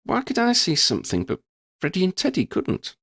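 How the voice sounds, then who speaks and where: A man doing a bright, curious young witch. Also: high voice, wildly swooping pitch, vocal fry, husky, no echo, studio quality, voice pushed up, full character voice. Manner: eager, quick questions. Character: young witch student girl, brave and curious.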